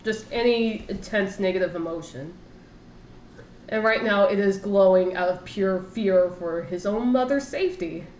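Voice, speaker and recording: A woman's voice: medium pitch, measured pace, darkish tone. A woman casually narrating her character's feelings, with many fillers. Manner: loose, uses many fillers. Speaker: tabletop player describing her character. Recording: echoey room with faint noise.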